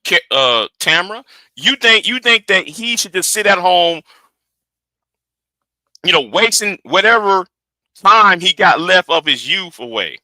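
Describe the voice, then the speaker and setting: A man hosting a live reaction stream, his voice high and swooping up and down. The tone is bright and sharp, and the sound is dry and close. He talks excitably, repeating words as he builds up to a point. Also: a little slow, pauses often, dry recording.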